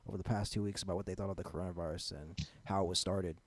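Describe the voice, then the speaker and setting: A man co-hosting a casual podcast, animated and quick to jump in with rebuttals. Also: deep voice. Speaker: podcast co-host.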